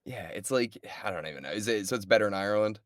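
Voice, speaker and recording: A man's voice: lowish voice, fast talker, no echo, clean studio sound. A man co-hosting a podcast, chatting casually with a friend and joking sarcastically. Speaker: podcast co-host. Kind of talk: casual chat between friends.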